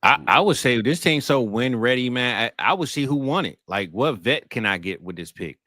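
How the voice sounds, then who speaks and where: A man's voice: mid-range voice, animated, normal speed, pushed and bright, no echo. Laid-back slangy man, dry close mic. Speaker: podcast co-host. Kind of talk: casual chat.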